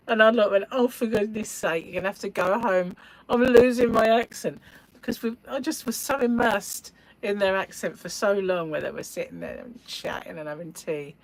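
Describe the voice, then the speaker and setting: Middle-aged English woman, live-stream host, rambling chatty delivery with frequent laughs, lower voice. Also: poor audio. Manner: gushing over yarn colours. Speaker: yarn shop owner and livestream host. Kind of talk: casual chat while crocheting.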